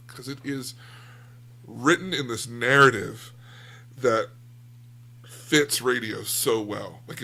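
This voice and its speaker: A man with a gravelly voice, talking casually about a book on a podcast, rambling and self-deprecating. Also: mid-range voice, bright, forceful tone. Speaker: podcast co-host.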